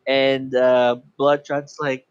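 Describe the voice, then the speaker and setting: A man's voice: medium pitch, little pitch movement, slow, clean tone, no room sound. A man co-hosting a casual movie review podcast, talking with enthusiasm and acting out lines in funny voices. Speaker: podcast co-host. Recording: dry dull lo-fi sound.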